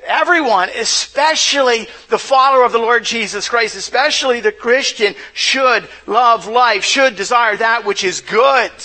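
An extremely high-pitched, sharp-toned man preaches a sermon in church, heard on a low-quality recording. He fires rhetorical questions at the congregation and often repeats words as he restarts.

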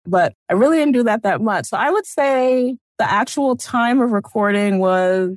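A woman children's author speaking in a relaxed, reflective way, laughing easily as she tells stories. Her voice sits mid-pitch and sounds close and dry with no echo. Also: normal speed, few pauses. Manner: warm storytelling, easy laughs, reflective. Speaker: children's book author, guest. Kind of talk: casual interview conversation.

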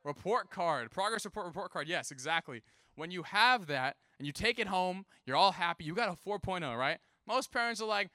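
Young male youth preacher, bright and lively storyteller, slightly higher voice, dry close sound. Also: quick pace, no echo. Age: young adult. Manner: animated, casual, acts out quoted voices. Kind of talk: sermon with personal storytelling.

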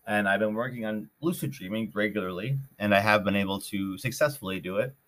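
A man with a somewhat low voice tells a story on his podcast. He rambles, circles back and restarts often, and keeps it loose and conversational. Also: fairly quick, a bit bright. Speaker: podcast host. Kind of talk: casual storytelling.

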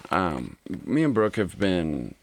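A man's voice: deep voice, big pitch swings, slow, creaky. A young man in casual conversation, candid and laid-back, swearing freely. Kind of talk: casual chat.

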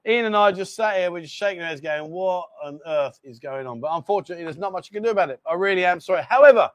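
Guy hosting a stream from a bar, high voice, chatty and apologetic. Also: animated, fast talker, no echo, dull audio. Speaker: livestream host. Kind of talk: casual livestream chat.

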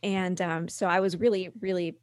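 Low-voiced woman recounting family struggles. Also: flat delivery, darkish tone, no room sound, studio quality. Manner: candid, halting with restarts, acts out quoted voices. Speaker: guest. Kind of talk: conversational podcast interview.

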